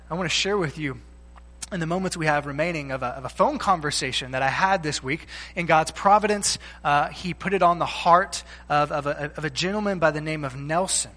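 A man preaching a sermon from the pulpit, emphatic, swelling loud and then dropping soft, often repeating words. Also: sits high. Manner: repeats words while speaking. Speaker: pastor. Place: church sanctuary. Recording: long hall reverb.

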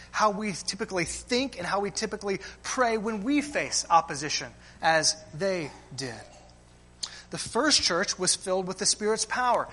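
A pastor preaches a sermon in a high, bright, ringing voice. He leans on rhetorical questions, checks in with "right?" and speaks to the listeners as friends.

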